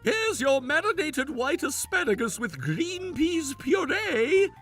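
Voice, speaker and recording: A man's voice: very high-pitched, very animated, slow pace, a bit bright, soft background music, voice pushed up, exaggerated voice. A man voicing an arrogant, mocking male chef who owns a restaurant, in a sneering, gloating, theatrical manner. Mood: smug. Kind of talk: animated story voice acting.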